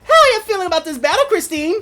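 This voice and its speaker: A man voicing a hyper, bubbly girl streamer who leads a gym, in a strained high falsetto with sing-song hype over faint music. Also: big pitch swings, racing, bright, forceful tone, heavily acted. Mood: hyped. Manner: shrill, sing-song hype, playful taunts. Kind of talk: reading game dialogue aloud.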